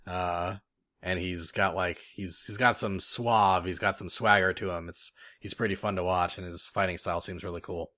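A man co-hosts a gaming podcast in a relaxed, enthusiastic chat, full of fillers and quick laughs. His voice sits low and sounds dry and close to the mic. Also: no room sound. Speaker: podcast co-host. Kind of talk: casual chat.

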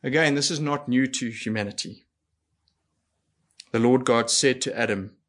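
A man's voice: mid-range voice, normal speed, long pauses, a bit bright. A man preaching a sermon in an earnest way, asking rhetorical questions and acting out quoted lines. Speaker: pastor.

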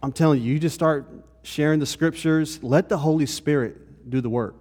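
A man's voice: fairly high pitch, moderate pace, a little mellow, breathy edge. A pastor giving a conversational sermon to his congregation, often checking in with "okay?". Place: church hall. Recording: long reverb of a hall.

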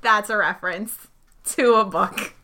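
A woman's voice: medium pitch, measured pace, bright, forceful tone. A woman playing a tabletop role-playing game, chatty and playful, pleased with her own jokes. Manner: playful, chatty, self-amused. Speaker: player. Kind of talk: casual tabletop game chat.

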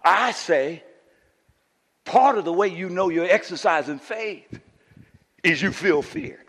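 A man preaches in a church with a high, bright, ringing voice that rises into impassioned shouts. He keeps urging his listeners with "come on now." The sound carries a long hall reverb around him. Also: lively intonation, slow pace, long pauses, breathy edge. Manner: call-and-response "come on now". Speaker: pastor. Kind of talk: sermon. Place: church sanctuary.

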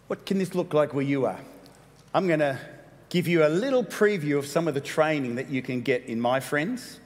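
A man preaching a sermon as pastor, animated and playful, with quick asides. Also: a little high. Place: church hall. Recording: long hall reverb.

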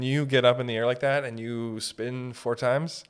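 A man's voice: medium pitch, flat delivery, normal speed, smooth. A man hosting a casual comedy podcast, ranting in a profane, rambling way and laughing often. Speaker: podcast host.

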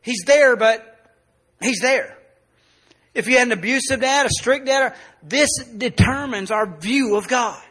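A male pastor preaching a sermon, telling a personal story and dropping soft and low in the emotional parts. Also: measured pace, breathy edge.

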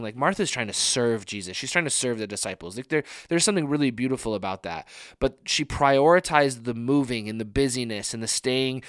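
Male preacher, casual sermon, earnest, informal restarts, mid pitch, dry recording. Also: expressive, a little fast, fairly bright tone, smooth, no room sound. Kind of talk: conversational sermon.

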